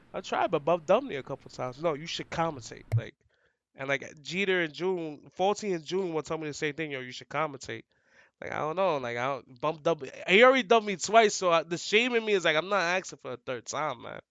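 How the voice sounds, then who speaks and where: Slightly muffled but echo-free, the recording captures a man with a clean tone on the high side. He's a young esports commentator swapping stories in a relaxed, slangy interview, full of "like" fillers, animated, and self-described as loud and outgoing.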